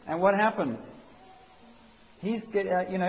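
A man preaching a sermon as a pastor, animated and conversational, acting out quotes. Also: high voice, a little slow, pauses often. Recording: dull hissy recording in a reverberant hall.

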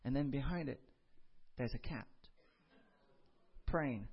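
A man's voice: mid-range voice, slow, creaky, breathy edge, highs cut off. A man preaching a sermon, telling a personal story with comic asides and building to emphatic preaching. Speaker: pastor.

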